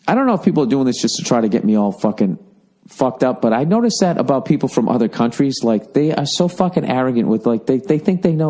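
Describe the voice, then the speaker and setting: A man's voice: medium pitch, sing-song, fast talker, warm tone. A man with an American accent, ranting in a profane, exasperated comic monologue, talking to listeners. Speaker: comedian.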